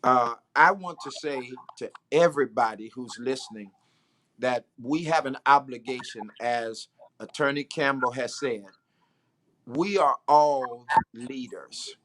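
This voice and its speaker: A man, a pastor hosting the interview, asking questions and speaking in a measured way with some pauses. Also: mid-range voice, sharp tone. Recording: faint background noise.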